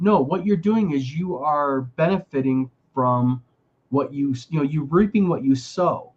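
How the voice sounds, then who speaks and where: A man's voice: fairly high pitch, moderate pace, highs cut off. A man co-hosting a casual chat show, talking emphatically with many restarts. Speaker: podcast co-host.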